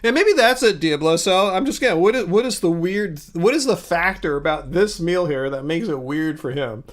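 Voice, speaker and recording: A man's voice: a little high, expressive, moderate pace. An American man hosting a casual livestream, eating while he talks and rambling through viewer comments with many fillers and restarts. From United States. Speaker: livestream host.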